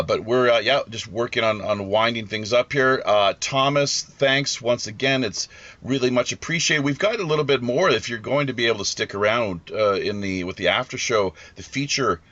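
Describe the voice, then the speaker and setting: A man with a lowish voice hosts a live podcast. He talks haltingly and often stops to restart his sentences. His audio is dull and lo-fi. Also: fairly bright tone. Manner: halting, many fillers and restarts. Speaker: podcast host.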